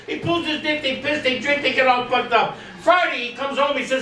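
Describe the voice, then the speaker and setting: High, bright man in an echoey room. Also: expressive, fairly quick, hardly any pauses, a little hiss or hum. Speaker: joke-off contestant. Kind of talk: telling jokes on a comedy panel. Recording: echoey, distant room sound.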